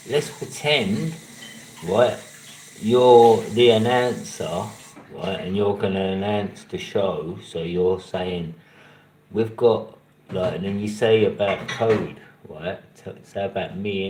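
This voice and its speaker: A man, hosting a livestream and chatting casually with an AI, slangy and relaxed. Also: deep voice. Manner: slangy and relaxed, bursts into loud cheering. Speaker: livestream host. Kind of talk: casual chat with an AI. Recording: echoey room with faint noise.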